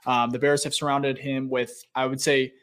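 A man's voice: medium pitch, normal speed, clean tone. A man hosting a sports podcast, talking loosely with many fillers and setting up questions for a guest. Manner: relaxed, filler-heavy talk. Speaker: podcast host. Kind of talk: casual chat.

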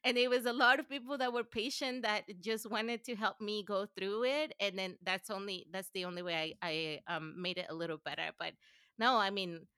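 A woman from Venezuela, a native Spanish speaker, talking as a podcast guest in a relaxed, reflective way, with a Spanish-influenced English accent that carries a slight South African touch and many "like"s. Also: medium pitch, normal speed, clean tone, dry recording, clean studio sound. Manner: relaxed and reflective, says "like" often, laughs easily. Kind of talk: casual interview conversation.

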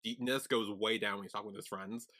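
A young man co-hosting a podcast in casual chat, laid-back, bursting into loud laughter and swearing. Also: fairly low pitch, fairly even intonation, fast talker. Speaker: podcast co-host.

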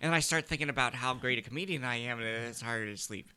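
Bright-voiced teasing comedian man. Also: medium pitch, fast talker, smooth. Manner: teasing, joking banter. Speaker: comedian guest. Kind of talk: casual podcast chat. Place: studio.

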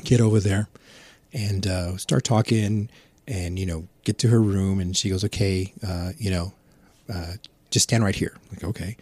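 Husky middle-aged man telling crude stories. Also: low voice, steady tone, normal speed, darkish tone, no room sound. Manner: rambling, profane, laughs at his own story. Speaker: podcast guest. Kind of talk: casual storytelling.

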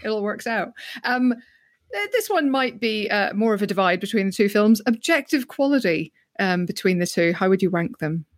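A woman hosting a podcast in casual chat, lively and playful, with her voice jumping up in pitch when she gets excited. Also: moderate pace, no room sound, clean studio sound. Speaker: podcast host.

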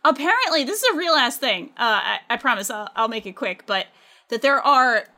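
A woman's voice: a little high, expressive, fairly quick, pushed and bright. A woman co-hosting a podcast, chatting casually, swearing freely and laughing often. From United States. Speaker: podcast co-host. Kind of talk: casual chat. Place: home setup, New York City.

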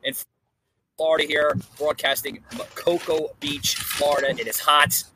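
Man, podcast host, husky, bright tone, slightly high, hesitant, lots of fillers, outdoor porch. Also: flat delivery, a little slow, poor audio. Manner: hesitant, many fillers and restarts. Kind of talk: casual political podcast chat. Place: outdoor porch in a hot climate.

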